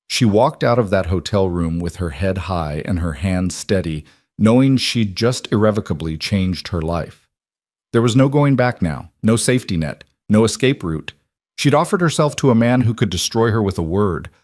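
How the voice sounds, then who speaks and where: A man reads a dramatic story with a steady, measured delivery. His voice sits on the low side, and the recording is dry with no room sound. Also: dry recording. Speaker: narrator. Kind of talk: scripted dramatic narration.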